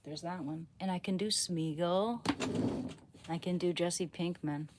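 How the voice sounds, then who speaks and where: A young adult woman chatting casually on a late-night livestream from home. She rambles playfully and often drops to a hushed voice so she won't wake her family, speaking into a phone. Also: on the low side, unhurried, heavy background noise.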